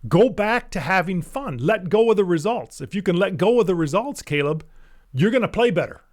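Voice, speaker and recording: A man who works as a mental skills coach, telling a story in a casual, animated way and chuckling often between phrases. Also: high voice, a little fast.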